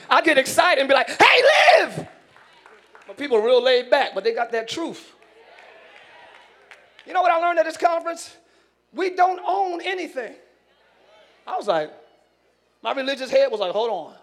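A male pastor preaching a sermon in church, moving from loud shouted lines to quick casual asides. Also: very high-pitched, animated, some chatter behind.

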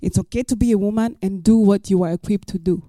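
A woman's voice: mid-range voice, steady tone, fast, mellow, no room sound, studio quality. A woman pastor preaching a sermon, emphatic and repeating her key lines for the listeners.

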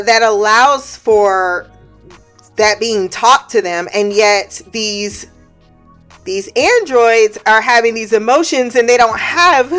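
A woman's voice: on the high side, fairly bright tone. A woman giving a casual, laugh-filled recap of a show, swearing freely and throwing in slangy asides. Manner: acts out characters' lines while retelling.

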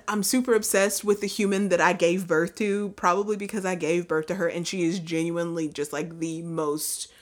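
A young woman hosting a casual chat, telling animated stories full of fillers. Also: mid-range voice. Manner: chatty, animated storytelling with many fillers. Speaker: podcast host.

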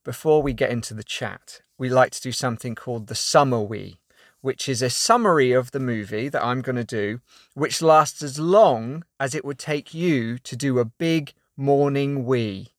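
A man's voice: mid-range voice, normal speed, no echo, studio quality. A man hosting a casual podcast, jokey and laughing often, with a South London accent. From West Country of England. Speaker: podcast host.

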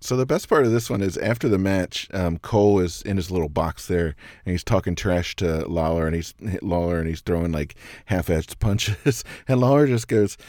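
Low male co-host, laid-back and giggly, dry sound. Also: moderate pace, few pauses, a little mellow, no room sound. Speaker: podcast co-host. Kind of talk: casual chat about wrestling.

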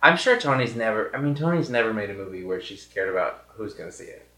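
A young woman with a very deep voice co-hosts a casual podcast, joking and reacting with a lot of lift and fall in her pitch. Her voice rings in a roomy, echoing space. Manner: animated, joking and quick to react. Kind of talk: casual chat. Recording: roomy echo.

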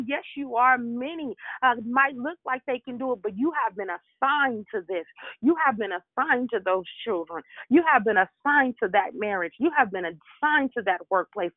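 A woman preacher delivers a devotional message, pressing her points through fervent, rhythmic repetition. Her voice sits a little high. It comes through a thin, tinny phone line with no room sound at all. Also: no echo. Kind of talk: devotional sermon.

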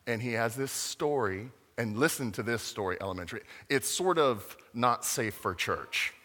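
Lively bright-voiced man preaching in a hall. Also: mid-range voice, moderate pace. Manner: playful, interactive, acts out voices. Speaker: children's pastor. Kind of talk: animated family sermon to kids and adults.

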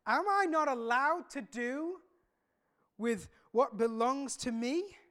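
A woman playing a calm, aloof landowner. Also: high-pitched, full character voice. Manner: calm and measured. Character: calm, aloof male landowner, measured and firm.

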